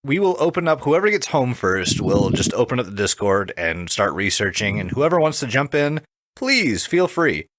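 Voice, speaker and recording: Animated man with a bright, lively voice. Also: mid-range voice, normal speed, dry recording. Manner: animated, swears freely, explains logistics. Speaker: podcast co-host. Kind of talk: casual banter.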